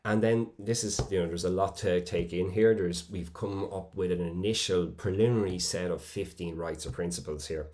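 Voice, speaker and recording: A man presenting at a conference, speaking in a measured way with frequent fillers and restarts. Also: deep voice, steady tone, darkish tone.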